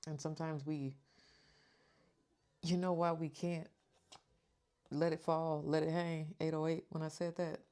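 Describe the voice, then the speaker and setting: A woman's voice: sits low, level tone, measured pace, pauses often, dark tone. A woman giving a tarot reading to her viewers, talking earnestly and reading out card meanings. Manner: earnest, emotional, repeats reassurances; reads card descriptions aloud. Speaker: tarot reader.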